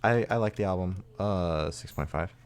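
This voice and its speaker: A man's voice: low voice, moderate pace. A man co-hosting a music podcast, chatting casually in a rambling way and swearing freely. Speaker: podcast co-host. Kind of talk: casual chat.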